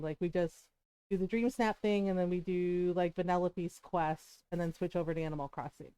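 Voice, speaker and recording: A woman streaming live, chatting casually and telling a rambling, animated story to her audience. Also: mid-range voice, normal speed, clean tone, dry recording.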